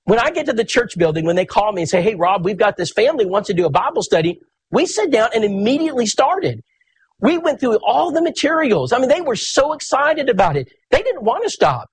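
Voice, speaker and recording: A preacher tells his story in a folksy, animated way. His voice is husky and sits high for a man. It rises and falls with wide, lively swings. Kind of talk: sermon storytelling.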